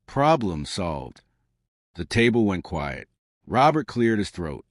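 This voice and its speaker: A man narrating his own story in a wry, deadpan way. His voice sits a little low yet moves lively up and down. The recording is dry and close. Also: measured pace, no room sound. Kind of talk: scripted first-person story narration.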